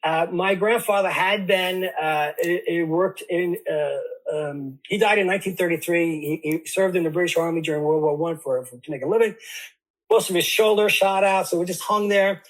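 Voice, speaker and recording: A man in his sixties, a podcast guest, recounting family history in a halting way with many restarts. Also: high-pitched, low-quality recording. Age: 60s. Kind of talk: conversational interview.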